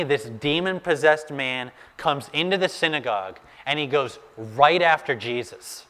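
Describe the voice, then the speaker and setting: A male pastor with a mid-range voice delivers a sermon, telling the story animatedly and urging listeners to picture the scene. His voice trails off in a long reverb tail.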